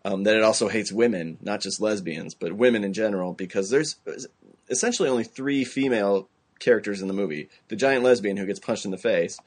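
Man, lowish voice, movie podcast co-host, dry, sarcastic. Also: brisk, slightly rough. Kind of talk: casual film chat.

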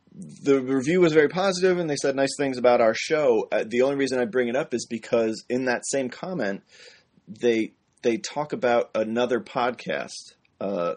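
A man co-hosting a podcast in casual chat, talking earnestly and laughing easily. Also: mid-range voice. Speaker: podcast co-host.

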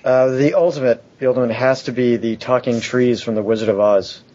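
A man's voice: mid-range voice, brisk. A man on a casual chat panel, joking animatedly about things that scared him. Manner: animated, jokey storyteller. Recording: dull lo-fi audio.

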